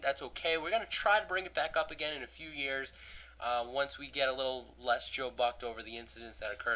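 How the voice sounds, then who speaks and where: A young man chats on a podcast with a hoarse, worn throat. His voice still comes through bright and forceful. He rambles and swears casually, with lots of false starts. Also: medium pitch, low-quality recording. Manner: rambling, profane, joking, many restarts. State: hoarse, lost voice. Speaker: podcast host.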